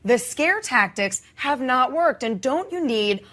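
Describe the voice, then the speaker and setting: Woman host pressing a guest, slightly high voice, pointed questions. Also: animated, measured pace, fairly bright tone. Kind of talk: debate moderation.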